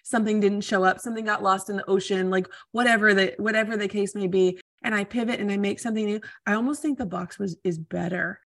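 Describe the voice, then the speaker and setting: A woman's voice: medium pitch, fairly even intonation, quick pace, hardly any pauses, a bit bright, no echo. A woman hosting a podcast interview, chatting enthusiastically in long, run-on thoughts. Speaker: podcast host. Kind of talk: casual interview chat.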